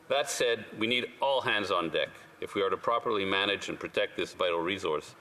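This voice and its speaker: A man who is a member of parliament, giving a measured, earnest and persuasive formal speech in a large legislative chamber. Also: on the low side, pushed and bright. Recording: long chamber reverb with faint room noise.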